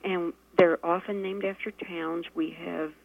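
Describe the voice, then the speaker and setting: A woman with a lowish voice, explaining slowly with lots of ums and easy laughs. She comes through a tinny phone line on a radio broadcast. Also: fairly even intonation, creaky. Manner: hesitant, explaining with many fillers, laughs easily. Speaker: guest.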